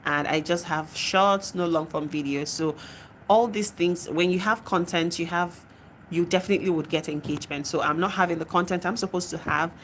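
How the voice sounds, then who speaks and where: A woman's voice: on the low side, steady tone, normal speed, a little hiss or hum. A young woman hosting a casual livestream, chatting and reading viewer comments aloud. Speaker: livestream host.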